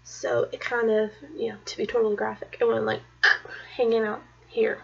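A woman's voice: on the high side, little pitch movement, normal speed, vocal fry, lo-fi sound, slight background noise. A young woman telling a personal story to camera in a rambling, chatty way, now and then dropping to a whisper. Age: young adult. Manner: rambling, chatty, drops to a whisper at painful parts. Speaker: vlogger.

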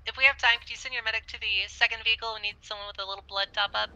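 A woman in a gaming squad giving brisk, procedural reports. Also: a little high, fairly even intonation, bright, forceful tone, a little hiss or hum, low-quality recording. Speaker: squad member in the game. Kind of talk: radio-style squad talk.

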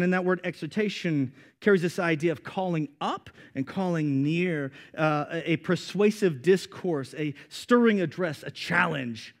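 Animated high-voiced man preaching. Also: normal speed, few pauses. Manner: animated preaching, calls for amens, acts out voices. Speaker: pastor. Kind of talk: sermon.

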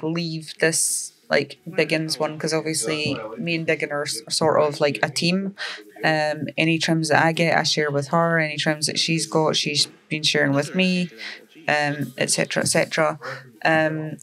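A woman's voice: deep voice, a bit bright, poor audio. A woman giving rambling, casual commentary over her Minecraft gameplay late at night, tired and full of fillers. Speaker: Minecraft server player and YouTuber.

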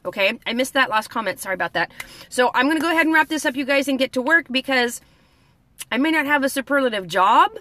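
A woman's voice: high voice, expressive, fast, bright, forceful tone. A woman hosting a word-of-the-day lesson in a chatty way, greeting viewers by name, with a slight lisp from orthodontic bands. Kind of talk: casual live video lesson.

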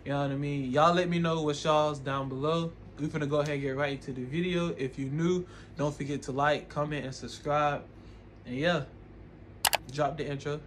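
A man's voice: fairly high pitch, steady tone, normal speed, noisy background. A man hosting a reaction video, chatting casually in slang and laughing often. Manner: laid-back slangy chat, laughs often.

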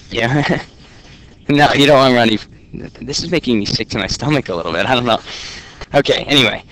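A male teacher gives a lecture to students in a classroom. His pitch sits in the middle range. He talks in a casual, joking way and keeps checking in with "okay?". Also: fairly bright tone, slight background noise.

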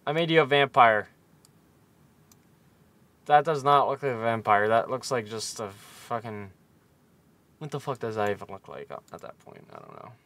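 A man's voice: medium pitch, normal speed, long pauses, fairly bright tone. A man in his twenties chatting casually on a live stream, tipsy from shots, rambling and swearing constantly. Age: 20s.

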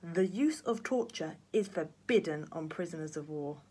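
Storybook grandpa, old ex-pilot, clipped and gallant as a woman puts him on, husky tone. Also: on the low side, expressive, normal speed, warm tone. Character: old man, former wartime pilot, plucky.

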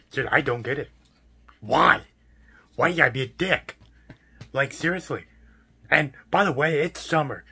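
A young man in a profane, exasperated vlog rant about his fast food job, repeating himself as he vents. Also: on the high side, bright, forceful tone, breathy edge. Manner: exasperated, profane, repetitive ranting. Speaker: fast food worker ranting.

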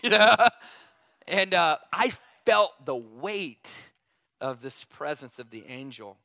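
A man's voice: high voice, expressive, measured pace, pushed and bright, no room sound, clean studio sound. A man in his thirties preaching a sermon, telling personal stories in a conversational way and often putting questions to the congregation.

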